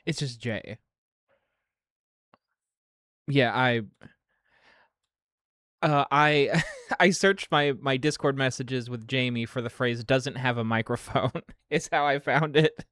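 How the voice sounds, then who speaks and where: A woman streamer chatting casually, rambling with halting restarts at a desk microphone. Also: very deep voice, a bit bright, no echo.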